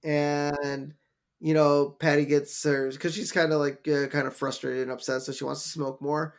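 A man's voice: on the high side, little pitch movement, moderate pace. A man co-hosting a podcast, chatting casually and retelling scenes with lots of fillers. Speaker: podcast co-host. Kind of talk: casual chat.

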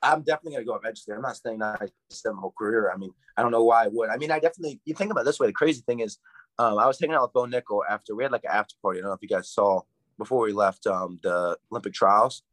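Young man, low voice, rapid hyped rambling talk, dry close mic. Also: fairly bright tone, dry recording, poor audio. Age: young adult. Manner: fast, hyped, rambling with lots of "like". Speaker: college wrestler guest. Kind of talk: casual interview chat.

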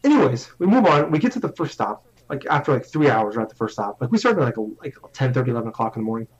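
A man's voice: medium pitch, very animated, rapid-fire. A young man tells a long story in loose, casual chat, cursing freely and poking fun at himself. His sentences trip and restart as he goes. The recording sounds slightly dull and lo-fi. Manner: rambling, profane, self-mocking, restarts often.

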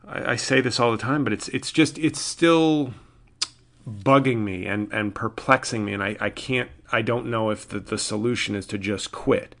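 Gravelly-voiced man ranting about comedy. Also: lowish voice, moderate pace, fairly bright tone. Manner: rambling, frequent restarts and fillers, exasperated. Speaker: podcast host and comedian. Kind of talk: casual solo monologue.

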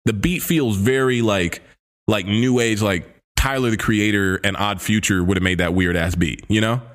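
A man co-hosting a podcast, rambling casually through an album review with restarts and loud laughter. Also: fairly low pitch, normal speed. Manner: rambling, laughs loudly, acts out silly voices. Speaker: podcast co-host.

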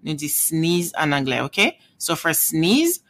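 Bright-voiced Haitian-accented language teacher. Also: medium pitch, sing-song, unhurried. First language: Haitian Creole. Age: adult parent. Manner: patient, repeats words, checks in with "okay?" and "right?". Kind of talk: casual video lesson.

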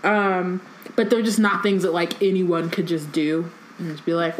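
A woman's voice: fairly low pitch, steady tone, normal speed, reverberant, a little hiss or hum, rough recording. A woman co-hosting a podcast, reading a book aloud and chatting casually, with many fillers like "um" and "like".

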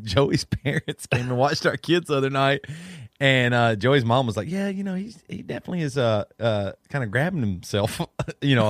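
A man in his thirties co-hosting a podcast, telling family stories in a lively way and laughing often. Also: a little high, no echo, clean studio sound. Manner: animated storyteller, laughs often. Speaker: podcast co-host. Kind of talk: casual chat.

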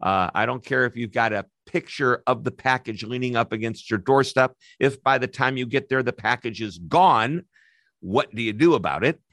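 A man's voice: medium pitch, animated, moderate pace, fairly bright tone, no room sound, clean studio sound. A man hosting a business interview podcast, upbeat and chatty, who sometimes stumbles over his words. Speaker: podcast host.

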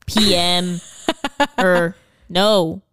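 A young woman co-hosting a podcast in casual chat, jokey and quick with riffs, swearing freely. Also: on the low side, steady tone, fairly bright tone, dry recording, clean studio sound. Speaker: podcast co-host.

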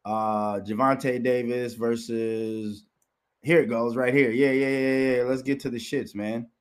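A man's voice: medium pitch, steady tone, measured pace, slight background noise. Sex: man. Style: profane ranting commentary. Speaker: commentator reacting to clips.

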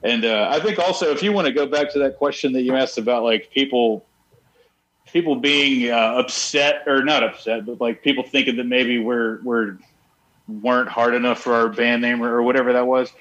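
A man's voice: mid-range voice, fairly even intonation, moderate pace, fairly bright tone, dull audio. Laid-back rambling man. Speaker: band member. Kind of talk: casual interview chat.

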